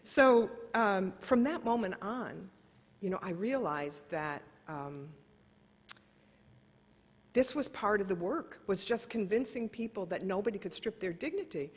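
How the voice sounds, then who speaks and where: A woman's voice: medium pitch, lively intonation, unhurried, husky. A middle-aged woman giving a conference keynote, telling personal stories in an earnest, self-correcting way. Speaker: keynote speaker. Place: large conference hall. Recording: long reverb of a conference hall.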